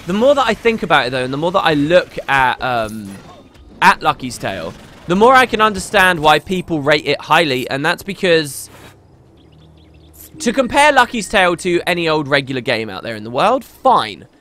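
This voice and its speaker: A talkative man rambles through a casual gaming stream, often breaking off and restarting his sentences. His voice sits a little high and swings up and down a lot. The tone is bright and forward. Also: big pitch swings, normal speed. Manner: rambling, talkative, self-interrupting.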